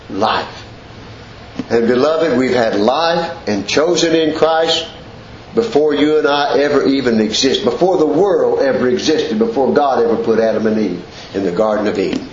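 Folksy preacher, echoey room. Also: male voice, expressive, a little hiss or hum. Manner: preaching with swooping pitch and drawn-out emphasis, folksy. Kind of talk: sermon. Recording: echoey room, dull lo-fi sound.

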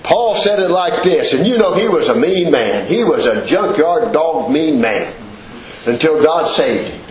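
A man preaching a sermon in a folksy, emphatic way, his voice pitched fairly high and swinging up and down. The recording is dull and lo-fi, with a heavy echo from the room around him. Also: expressive, unhurried. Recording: echoey room, dull lo-fi sound.

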